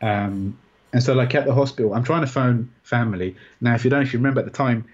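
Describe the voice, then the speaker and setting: A man tells his own story in a relaxed interview. His voice is husky and sits at a middling pitch. He speaks haltingly, with lots of restarts and a steady stream of "like"s. The recording sounds a little dull and muffled. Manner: halting, rambling, many restarts and "like"s. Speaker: interview guest. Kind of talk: personal story in conversation.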